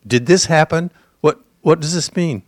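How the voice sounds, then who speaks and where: A man's voice: on the high side, moderate pace, no room sound. A male deacon on a panel reads a Bible verse aloud with care and then asks what it means. His voice sounds dry and close to the mic.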